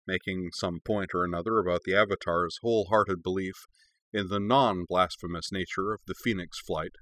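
A man reading fiction aloud as narrator in a steady, measured storytelling manner. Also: sits low, no room sound, clean studio sound.

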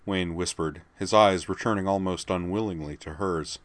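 A low-pitched man narrates an audiobook with a measured, even storytelling delivery. The recording is dry.

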